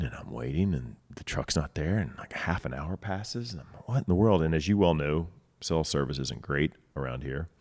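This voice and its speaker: Middle-aged man, very low voice, lively guest storyteller, outdoor chat. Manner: enthusiastic storyteller, acts out dialogue. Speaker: winery co-owner, guest. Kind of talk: casual storytelling. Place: outdoors in a vineyard.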